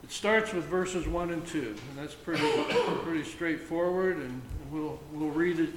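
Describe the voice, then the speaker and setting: A man leading an informal Bible reading, reflecting haltingly with many fillers and restarts and reading the verses aloud slowly. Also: on the high side, very animated, recorded from a distance. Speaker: Bible study leader. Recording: echoey room with faint ambient noise.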